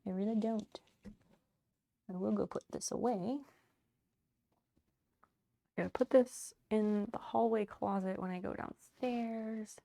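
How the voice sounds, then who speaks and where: A woman streams from her home office in a loose, chatty way. She talks to her viewers while she sorts things, thanks them warmly by name and breaks into laughter often. Her voice sits at an ordinary middle pitch for a woman. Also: steady tone, slow, vocal fry, long pauses. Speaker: livestreamer. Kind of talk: casual livestream chat while doing home chores.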